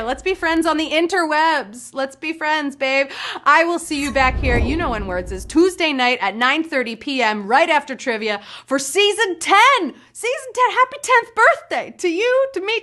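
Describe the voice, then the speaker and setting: A woman's voice: sits high, sharp tone. A woman hosting a live game show, playful and jokey, hyping up the winners and teasing the players.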